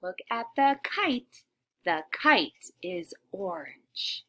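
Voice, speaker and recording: A woman teacher leading a shared reading lesson for young children, sounding out letters slowly and often dropping to a whisper, encouraging and animated. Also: mid-range voice. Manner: animated, encouraging, with gasps of discovery.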